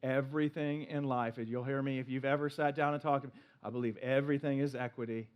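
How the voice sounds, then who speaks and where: A man preaching a sermon in an animated, playful way, acting out little voices as he goes. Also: medium pitch, fast talker, clear, resonant tone, highs cut off. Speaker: pastor.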